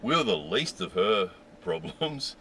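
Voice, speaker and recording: A man casually telling a story in an animated way, laughing and restarting when excited. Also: lowish voice, measured pace, a little hiss or hum. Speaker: vlogger.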